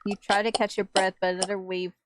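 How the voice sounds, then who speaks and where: A woman's voice: mid-range voice, little pitch movement, quick pace, background noise. A woman reading a horror visual novel aloud for a gaming video, with dramatic narration and reactions.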